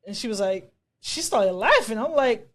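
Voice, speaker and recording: A woman from Bermuda, a podcast co-host telling a story in casual chat, animated and swearing freely as she laughs. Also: on the high side, normal speed.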